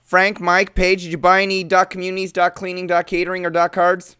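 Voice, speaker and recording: A male host runs a panel discussion with a smooth, resonant voice pitched fairly high. He quizzes panelists with long, stacked questions. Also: completely flat delivery, fairly quick, bright, forceful tone.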